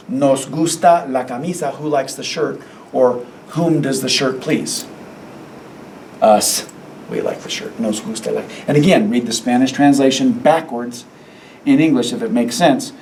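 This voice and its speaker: A man teaches Spanish grammar in a classroom, repeating each point and asking his students rhetorical questions. His voice sits at an ordinary pitch and is picked up from a little distance. A faint hum of room noise runs behind him. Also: a little mellow. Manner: repetitive, asks rhetorical questions, stretches words for emphasis.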